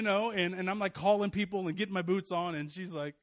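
A man's voice: sits high, steady tone, fast. A male pastor in his thirties giving a casual, joking sermon to his congregation, with many fillers and restarts.

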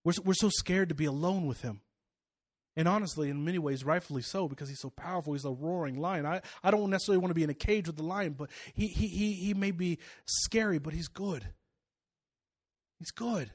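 A fast-talking pastor with a slightly high male voice preaches a sermon containing a personal story, his tone shifting from loud, rising calls to action to hushed, confiding asides.

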